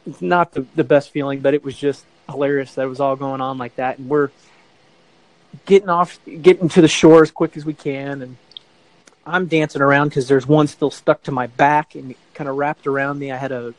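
A man's voice: medium pitch, fairly even intonation, normal speed, no room sound, rough recording. A middle-aged man telling a long anecdote in a casual interview, rambling and correcting himself as he goes. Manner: rambling, self-correcting storyteller who acts out quoted voices.

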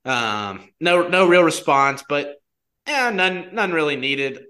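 A young man chatting casually as a guest, telling a personal story in an animated way, full of "like" fillers. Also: a little high, takes it slowly. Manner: animated, heavy use of "like" fillers.

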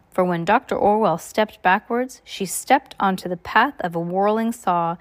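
A woman reading a children's novel aloud at home in an unpolished way, stumbling and restarting. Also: mid-range voice. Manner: adds offhand casual remarks. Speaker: reader.

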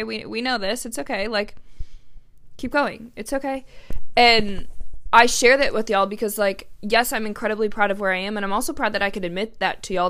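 A woman's voice: medium pitch, bright, forceful tone, clean tone. A woman in her twenties hosting her own podcast, talking candidly and emotionally with lots of "like" and fillers. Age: 20s. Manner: chatty, emotional, heavy use of "like". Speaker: podcast host. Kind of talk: candid solo podcast monologue.

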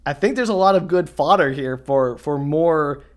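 Co-host, animated and musing, heavy on fillers, mid-pitched voice. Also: moderate pace. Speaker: podcast co-host. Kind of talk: casual book discussion.

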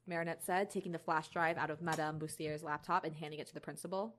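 A woman's voice: deep voice, steady tone, quick pace, fairly bright tone. Young woman reading a story aloud, chatty. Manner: chatty, giggly, stumbles over words. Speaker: reader narrating a fan story. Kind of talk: casual read-aloud narration.

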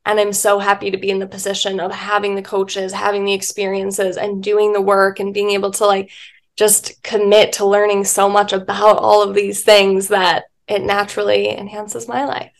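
A woman's voice: mid-range voice, monotone, normal speed, gravelly. A woman guest, a spiritual life coach, chatting casually in an interview, telling stories with lots of filler words and the odd swear.

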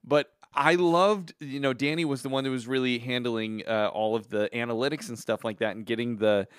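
A man co-hosting a casual podcast, an actor by trade, who talks in a playful, expressive way. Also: brisk, clean tone, no echo, studio quality. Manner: expressive, playful, jumps into high-pitched quoted voices. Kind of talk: casual chat.

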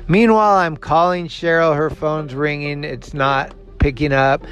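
A fairly high-voiced man hosts his own show and tells a rambling personal story in a casual monologue. He acts out everyone else's lines, swears freely and laughs at himself. Faint music plays behind him. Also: unhurried, muffled recording. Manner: animated, acts out the other people's lines. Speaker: show host.

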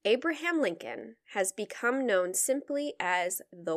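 A young woman hosting a podcast, recounting history at an ordinary middle pitch. She reads from her research in a relaxed, conversational manner and keeps slipping into playful asides and easy laughter. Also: measured pace. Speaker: podcast co-host telling the story. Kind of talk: casual chat, reading researched history.

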